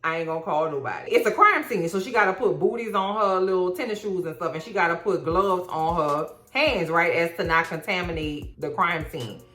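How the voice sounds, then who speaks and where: A woman in her forties giving an animated, sassy, slang-filled comedic recap of a TV series. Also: fairly low pitch, a little fast, few pauses. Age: 40s. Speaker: recap vlogger. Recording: echoey room with faint music.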